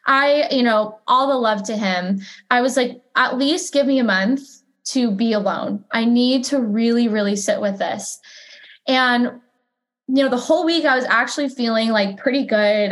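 A woman working as a psychic medium, telling a personal story as a podcast guest in an animated, chatty way, acting out her own remarks. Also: fairly high pitch. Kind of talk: casual storytelling conversation.

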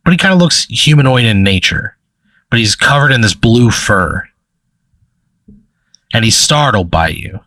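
A man's voice: medium pitch, animated, measured pace, pauses often, bright, forceful tone, no echo, poor audio. A man acting as game master, narrating a hypothetical scene in a rambling, hesitant way full of fillers and restarts.

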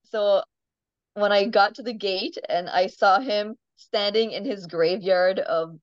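A woman telling lively stories about her farm animals in a casual interview, laughing often and filling pauses with "um". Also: medium pitch, clean tone, no room sound, lo-fi sound. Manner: chatty storyteller, laughs often, many ums. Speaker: farm animal owner, guest.

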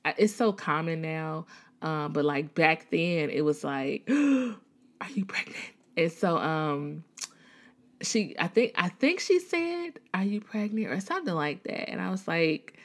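A Christian speaker in her thirties from the Chicago area, USA, talks through her personal faith testimony with frequent fillers and restarts. Her voice sits low and is expressive, and her pace is measured.

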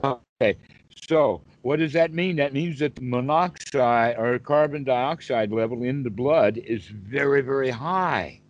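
A man's voice: mid-range voice, measured pace. Man explaining over a lo-fi call. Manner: explanatory, asks rhetorical questions. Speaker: Buddhist teacher. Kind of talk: one-on-one teaching call. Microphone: video call.

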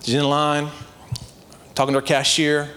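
A man's voice: on the high side, completely flat delivery, normal speed, sharp tone, a little hiss or hum. Earnest, impassioned male preacher. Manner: earnest, confessional, rising to passionate exhortation; conversational storytelling with many "like" fillers. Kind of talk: sermon.

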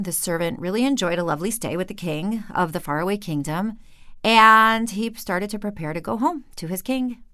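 A woman podcast host tells a story with lively, expressive delivery. Her voice sits lowish and swings widely in pitch, recorded dry and close in a quiet studio. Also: no echo. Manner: animated, expressive.

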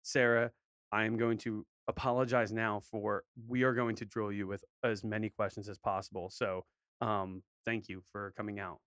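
A man's voice: lowish voice, little pitch movement, normal speed, a bit bright, clear, resonant tone. A man co-hosting a podcast, asking rambling, jokey questions in casual chat. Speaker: podcast co-host.

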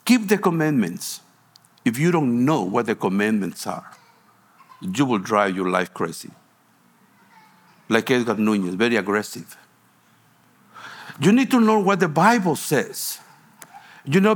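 A man preaches, unhurried and deliberate, his voice sitting a bit high for a man. He tells his stories with halting, restarting phrases, the way a pastor talks from the pulpit. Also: breathy edge. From Guatemala. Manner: storytelling, with broken phrasing and repeated restarts. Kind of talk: sermon.

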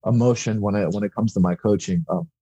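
A young man with a dark, husky voice talks bluntly about coaching in a relaxed podcast chat. He swears freely and acts out what people said to him. The sound is dry and close. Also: lowish voice, fast talker, no echo, dull audio. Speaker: wrestling coach and guest.

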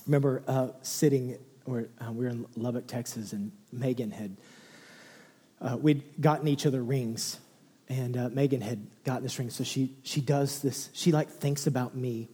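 A man in his thirties preaching a sermon, telling a personal story with a lively, animated delivery that swings between hushed, low passages and excited near-shouts. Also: normal speed, breathy edge. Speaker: pastor. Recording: long hall reverb.

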